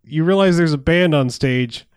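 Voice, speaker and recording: A man's voice: on the high side, normal speed, smooth, dry recording. A man recapping a movie in casual chat, sarcastic and profane, laughing often.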